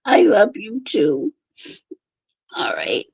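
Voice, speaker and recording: Woman, livestream host, very gravelly, husky, reads chat comments, laughs a lot. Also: mid-range voice, wildly swooping pitch, extremely slow, no room sound, poor audio. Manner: laughs often while reading comments aloud. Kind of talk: casual livestream chat, reading viewer comments.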